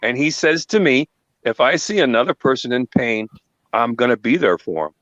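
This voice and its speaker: A man's voice: mid-range voice, expressive, normal speed, a bit bright, no room sound. A middle-aged man hosting a live online panel, telling a personal story in an earnest, casual way. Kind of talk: casual chat. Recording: dull, dry sound.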